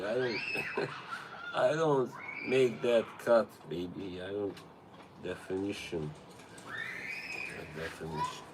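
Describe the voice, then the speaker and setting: A man's voice: lowish voice, noisy background. A man with a Serbo-Croatian accent chatting casually on a livestream, rambling, swearing and laughing often, recorded on a tablet's built-in mic. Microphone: tablet device mic.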